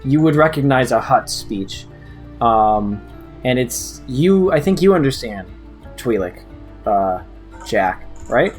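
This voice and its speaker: A man of middle pitch runs a tabletop game, describing scenes in a loose, rambling way full of fillers. Faint music plays in the background. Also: animated, takes it slowly. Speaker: game master.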